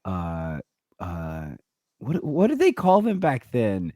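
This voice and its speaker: Male co-host, mid-pitched, animated and giggly, dry close recording. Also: takes it slowly, no echo. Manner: giggly, rambling, searching for words. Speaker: podcast co-host. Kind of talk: casual chat recapping a TV episode.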